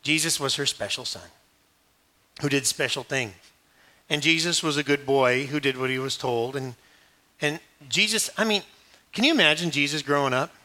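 A man's voice: mid-range voice, moderate pace, pauses often. A man giving a sermon, joking and acting out voices as he tells the story. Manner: animated, joking storyteller who acts out quoted voices. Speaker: pastor.

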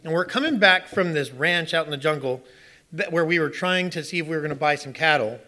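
A middle-aged man delivering a sermon with a bright, forceful voice that sits a little on the high side. He tells stories with animation and keeps putting rhetorical questions to his listeners. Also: fairly quick, a little hiss or hum. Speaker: pastor.

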